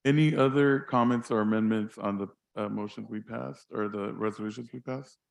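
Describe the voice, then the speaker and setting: A man's voice: fairly low pitch, fairly even intonation, moderate pace, creaky. A man serving as board president, chairing a meeting in a casual way, laughing easily and restarting sentences.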